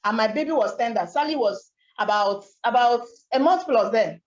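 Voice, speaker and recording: High-voiced woman giving a testimony. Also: moderate pace, reverberant, dull audio. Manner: emphatic, animated storytelling with rhetorical questions. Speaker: network marketing speaker. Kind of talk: motivational testimony talk.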